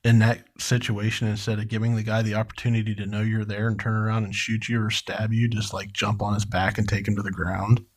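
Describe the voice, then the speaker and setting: A man's voice: on the low side, flat delivery, brisk, few pauses. A man co-hosting a true crime podcast, reading the case steadily and asking his co-host pointed questions.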